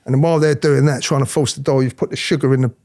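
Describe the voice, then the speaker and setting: A middle-aged man telling his story in an interview, animated, acting out other people's voices, often restarting his sentences. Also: mid-range voice, rapid-fire. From England. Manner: animated, acts out quoted voices, frequent restarts. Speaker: interviewee, former police officer.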